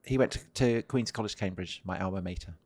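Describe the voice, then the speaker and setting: Male co-host with a lower voice who chats and throws in jokes and questions. Dry, close mic. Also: fast, a little mellow, dry recording. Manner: chatty, quips and prompts his co-host. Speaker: history podcast co-host. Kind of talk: casual conversation.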